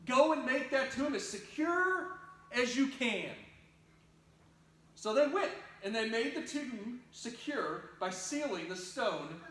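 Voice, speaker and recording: A man's voice: very high-pitched, lively intonation, takes it slowly, fairly bright tone. A man preaching an Easter sermon, telling the story dramatically and acting out news-report voices. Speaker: pastor. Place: church sanctuary. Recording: echoey church room.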